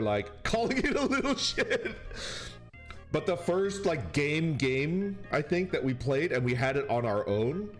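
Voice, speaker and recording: A man streaming and chatting casually with viewers, telling a rambling story and laughing often. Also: mid-range voice. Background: faint background music.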